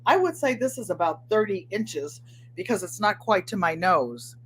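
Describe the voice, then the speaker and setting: An older woman hosting a casual sewing and crafts vlog, rambling warmly to viewers and answering them by name. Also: mid-range voice, animated, moderate pace, slight background noise. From Connecticut. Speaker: crafting channel host.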